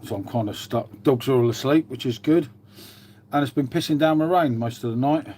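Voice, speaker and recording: A man's voice: mid-range voice, brisk, warm tone. A British man hosting a casual livestream, chatting and swearing freely while greeting and answering viewers. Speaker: livestream host. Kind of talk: casual live-stream chat.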